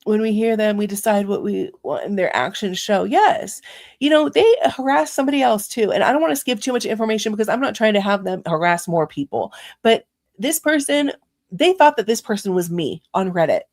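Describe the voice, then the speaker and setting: A woman's voice: mid-range voice, lively intonation, fairly quick, a little mellow. A young adult woman hosting a livestream, ranting angrily and profanely at her chat. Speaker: livestream host. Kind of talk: angry livestream rant.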